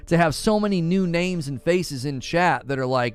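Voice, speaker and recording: A man's voice: mid-range voice, expressive, moderate pace, few pauses, clean tone. A man hosting a casual live stream, chatting and joking with viewers, laughing often and slipping into playful voices. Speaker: streaming show host.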